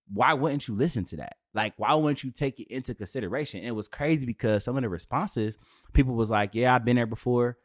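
A man in his late twenties talking casually as a podcast host, animated and profane with streetwise slang, in a dry room on camera. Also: mid-range voice, fast, dry recording. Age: 20s. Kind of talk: casual solo rant.

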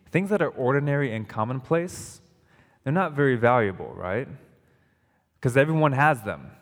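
A man preaching a sermon as pastor, emphatic, often restarting and repeating phrases. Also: on the low side. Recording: long reverb of a hall.

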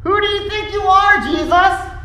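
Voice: extremely high pitch, normal speed, sharp tone, pitched above the performer's own voice. A pastor voicing indignant chief priests who mockingly challenge someone in a raised voice, recorded in an echoey sanctuary. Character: indignant scornful chief priests, group of older men.

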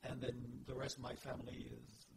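A man, a theater director guest telling his story in a measured, steady way in a casual interview. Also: mid-range voice, creaky. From France. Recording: loud background hiss.

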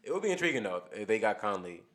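A man with a fairly low voice talks sports on a podcast in a loose, rambling way. He restarts sentences and works his ideas out aloud as he goes. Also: sing-song, rapid-fire, a bit bright. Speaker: podcast co-host. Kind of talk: casual sports talk.

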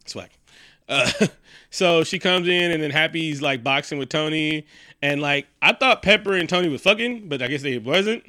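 Bright-voiced man in loose, profane chat. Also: a little high, moderate pace, dry recording, clean studio sound. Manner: profane, joking, animated storytelling. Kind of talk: casual movie recap chat.

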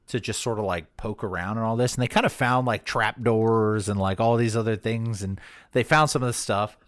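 A man's voice: lowish voice, fairly even intonation, normal speed, dry recording, clean studio sound. A man from the American Midwest chatting casually on a podcast, rambling with lots of fillers. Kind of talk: casual chat.

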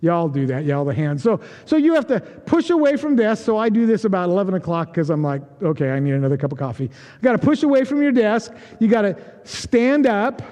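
A man's voice: high voice, very animated, brisk, a little mellow. A male pastor preaching a conversational, joking sermon and acting out quoted voices. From United States. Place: church sanctuary. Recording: long reverb of a church hall.

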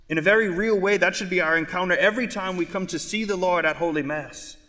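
A man's voice: sits high, quick pace, hardly any pauses, bright, forceful tone. Man preaching in an echoey church. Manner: preaching with repeated rhetorical questions. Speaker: priest. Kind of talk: sermon. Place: large church.

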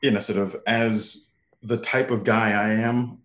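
Low-voiced man in an echoey room. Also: flat delivery, a bit bright. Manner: halting, repeats words, laughs often. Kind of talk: casual chat.

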